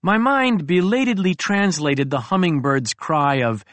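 A man narrates a first-person audiobook with a slightly raised pitch, throwing his voice up and down to sell the comedy. The recording is close and dry, with no room sound around him. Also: normal speed, no echo. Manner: expressive, comic storytelling with big pitch swings.

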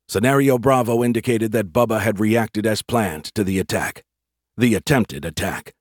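A male narrator reading an audiobook in a measured, wry manner. His voice sits on the lower side, and the recording is close and dry, with no room around it. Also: dry recording. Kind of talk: scripted narration.

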